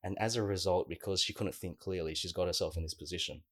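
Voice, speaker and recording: A man, co-hosting a casual podcast and telling a long story in a lively, filler-heavy way. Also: sits low, quick pace, no room sound, studio quality. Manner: animated storyteller, many fillers. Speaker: podcast co-host.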